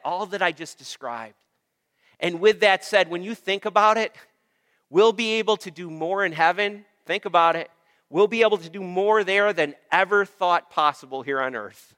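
A male pastor delivers an emphatic sermon with a high, bright and smooth voice. He draws out long repeated lists slowly and calls on the congregation for amens. The sound rings with a long church-hall reverb. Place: church sanctuary.

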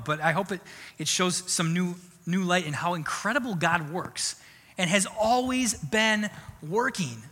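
A man preaching a sermon in a conversational, animated way. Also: sits high. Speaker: pastor. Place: church sanctuary. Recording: long church hall reverb.

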